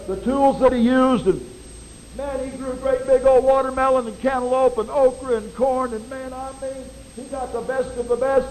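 High-voiced folksy male preacher. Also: a little hiss or hum, poor audio. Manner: folksy, animated preaching with dramatic voice swings. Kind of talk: sermon.

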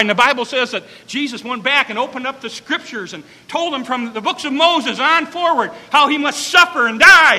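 Pastor preaching emphatically, very high bright voice, long reverb of a church hall. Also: male voice. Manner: emphatic, dramatic repetition, bursts to shouting. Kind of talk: sermon.

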